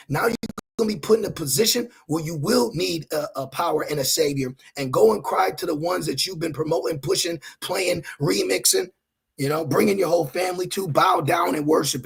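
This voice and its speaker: A man with a high, gravelly, slightly rough voice preaches scripture online, scolding his listeners with blunt, profane asides and reading Bible verses aloud between remarks.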